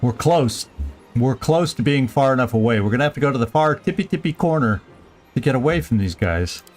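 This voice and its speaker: Playful, lively male game streamer. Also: medium pitch, a little fast. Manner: playful, thinking aloud, goofy asides. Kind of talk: casual live gameplay commentary.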